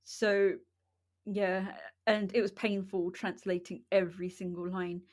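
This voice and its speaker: A woman's voice: medium pitch, little pitch movement, measured pace. A middle-aged woman from England co-hosting a casual podcast chat, telling family stories with frequent laughs. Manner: storytelling, laughs often. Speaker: podcast co-host.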